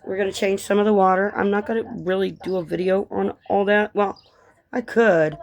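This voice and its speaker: A woman's voice: medium pitch, normal speed, darkish tone, slight background noise. Chatty woman from Colorado. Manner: chatty, tangent-prone, encouraging. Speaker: vlogger and author. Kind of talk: casual rambling chat.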